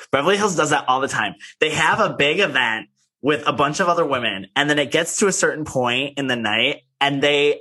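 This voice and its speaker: A man's voice: fairly high pitch, bright, forceful tone. A man co-hosting a podcast in casual chat, gossipy and full of filler words. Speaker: podcast co-host.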